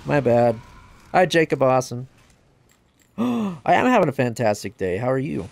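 Excitable man streaming a game. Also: moderate pace, creaky, no echo. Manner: excitable, bursts into high yelps during play; self-deprecating, joking. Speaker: gaming livestreamer. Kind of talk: casual livestream commentary, reading chat.

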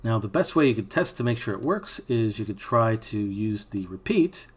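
Man with a husky voice narrating a software tutorial. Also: fairly low pitch, animated, moderate pace. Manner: thinking aloud while working, casual asides. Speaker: animation instructor. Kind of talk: screen-recorded software tutorial.

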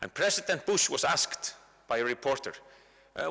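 A man's voice: medium pitch, very animated, normal speed, gravelly, sharp tone, slightly rough. A man with an Icelandic accent giving a conversational university lecture, often repeating words while he finds his phrasing. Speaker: guest lecturer. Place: large university lecture hall. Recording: long hall reverb.

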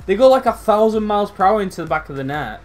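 Sweary gamer ranting over play. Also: male voice, sits high, animated, quick pace. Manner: sweary, exasperated, swings between outbursts and muttering. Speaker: gaming YouTuber. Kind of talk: live gameplay commentary.

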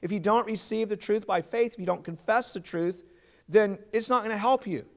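A man's voice: high-pitched, normal speed, creaky. A man preaching a sermon as pastor, earnest and plain, putting questions to his congregation.

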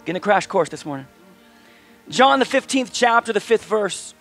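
A man's voice: high-pitched, expressive, normal speed, a bit bright, soft background music. A male pastor preaching a sermon in a conversational, emphatic way, asking his listeners questions.

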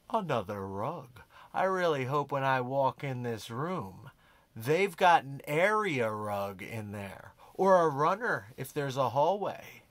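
Slow, lively-voiced comic rug-expert man. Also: mid-range voice, dry recording. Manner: savoring, breathy hushed asides; over-earnest self-proclaimed expert. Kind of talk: deadpan comedy monologue.

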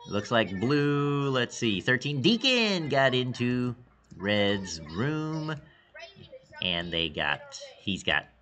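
A man coaching students as he gives excitable live commentary on their game practice, thinking aloud with quick exclamations and sometimes dropping to a hush. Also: mid-range voice. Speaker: esports coach.

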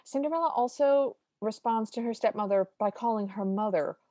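A woman's voice: a little high, fairly quick, mellow, dry recording. A woman co-hosting a podcast, recapping a cartoon in a wry, detailed, opinionated way. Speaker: podcast co-host. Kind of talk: casual chat recapping a film.

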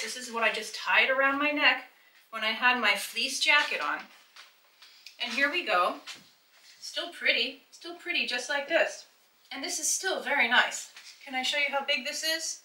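A woman's voice: on the high side, normal speed, bright, forceful tone, slight background noise, low-quality recording. A middle-aged woman hosting a casual try-on vlog, chatting enthusiastically as she explains and shows things to the viewer. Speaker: fashion vlogger.

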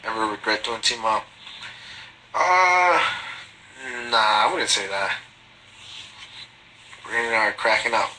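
Man with a very bright, sharp voice. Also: lowish voice, slow, long pauses, slight background noise, low-quality recording. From Guatemalan family. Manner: slangy, swears freely, reads comments aloud and answers them. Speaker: livestreaming reality TV personality. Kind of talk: casual livestream chat reading viewer comments. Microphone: phone.

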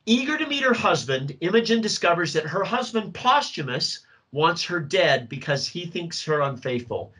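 Middle-aged male drama teacher, lively workshop delivery, slightly raised pitch, swings up and down a lot. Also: normal speed, poor audio. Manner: animated, acts out student voices.

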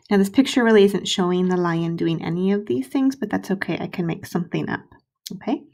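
A woman teaching first graders to write sentences, modeling slowly and sounding out syllables with patience. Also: lowish voice, gravelly, a little mellow. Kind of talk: recorded writing lesson for young children.

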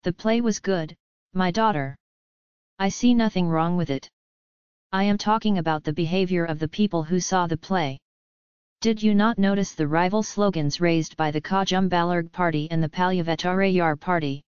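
A woman's voice: fairly low pitch, normal speed, darkish tone, clear, resonant tone, dry recording, lightly acted. A woman voicing an ailing old emperor and worried father in an audiobook, speaking in a grave, solemn way. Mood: weary. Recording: slightly dull lo-fi audio.

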